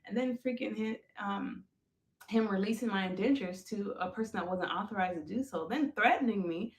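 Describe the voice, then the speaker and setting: Woman storyteller, gravelly fry, roomy echo; animated, talks straight to listeners. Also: mid-range voice, moderate pace. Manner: animated, addresses listeners as folks, acts out quoted lines. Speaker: woman telling her story on a podcast. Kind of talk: emotional personal storytelling.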